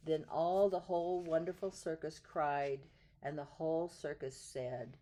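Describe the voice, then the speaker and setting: A woman reading a picture book aloud in a gentle, soft way, drawing out some words. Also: deep voice, fairly even intonation. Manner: gentle, soft, drawn-out in places. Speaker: storyteller.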